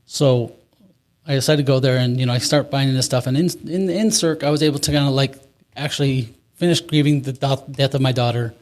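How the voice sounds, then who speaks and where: A man's voice: medium pitch, steady tone, fairly quick, a little mellow. A man in his forties, an interview guest, telling a candid recovery story in a rambling way with restarts and nervous laughs.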